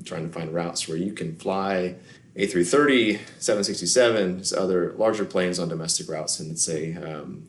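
Deep-voiced man on a roomy podcast line. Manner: relaxed, stumbling through thoughts with fillers. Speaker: podcast guest. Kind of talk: casual podcast chat.

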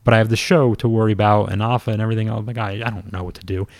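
Male storyteller, low voice, dry close sound, casual and self-deprecating, swears easily. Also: flat delivery, rapid-fire, dry recording. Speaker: former pro wrestler telling a story.

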